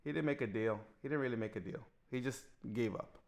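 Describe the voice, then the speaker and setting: A man co-hosting a movie review podcast, talking casually with frequent restarts and fillers. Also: mid-range voice. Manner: halting, many restarts and fillers. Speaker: podcast co-host.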